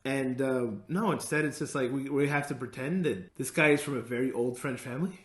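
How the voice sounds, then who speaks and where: A man's voice: medium pitch, a little fast. A man co-hosting a podcast in casual chat, blunt and sarcastic, joking as he talks. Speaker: podcast co-host. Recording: roomy echo.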